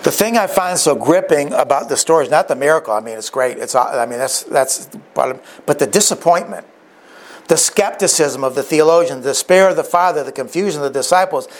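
During a sermon, a man with a fairly high voice brings a story to life, often starting over and tossing in side remarks. He speaks a little fast with lively intonation.

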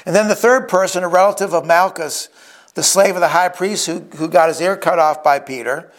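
Pastor guy preaching, earnest, bit of a higher voice, acts out the quotes. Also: a little fast. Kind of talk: sermon.

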